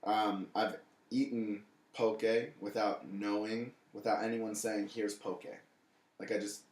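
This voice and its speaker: A young man with a low voice chats loosely on a podcast, rambling through his stories with lots of fillers. He slips into quick acted-out quotes along the way. The room around him is echoey. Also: level tone. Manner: rambling storyteller, many fillers, acts out quotes. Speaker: guest, restaurant owner. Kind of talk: casual podcast chat.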